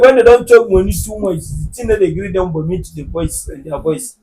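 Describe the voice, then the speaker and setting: A man with a Nigerian accent hosting a podcast in casual chat, joking and animated, sometimes bursting into shouts. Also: sits high, a little fast, low-quality recording. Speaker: podcast host.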